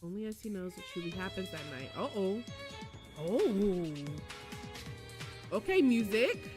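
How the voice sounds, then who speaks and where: A woman streamer reacting live to a game showcase, excitable, with loud exclamations and frequent laughter. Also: medium pitch, measured pace. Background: showcase music.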